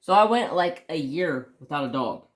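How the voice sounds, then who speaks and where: A man's voice: on the high side, animated, moderate pace. A man casually telling a long personal story on his crafts channel, rambling with restarts and mild swearing. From United States.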